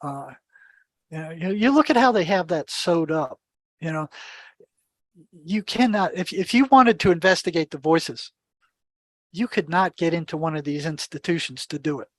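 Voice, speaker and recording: A man's voice: a little high, moderate pace, long pauses, no echo. Older man telling a vivid story. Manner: animated storyteller who acts out dialogue; repeats words and restarts sentences. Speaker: podcast guest. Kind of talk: storytelling in an interview.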